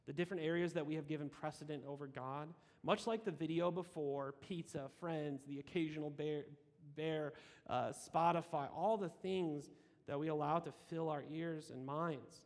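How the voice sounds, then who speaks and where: A man's voice: on the high side, moderate pace. A man giving a sermon, reading scripture aloud and adding casual asides, with frequent restarts. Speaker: preacher. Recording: long hall reverb.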